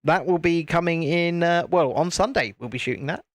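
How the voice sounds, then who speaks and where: A man's voice: a little high, moderate pace, no room sound, studio quality. A British man hosting a livestream, chatting casually with viewers while he builds, and laughing often. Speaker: livestream host.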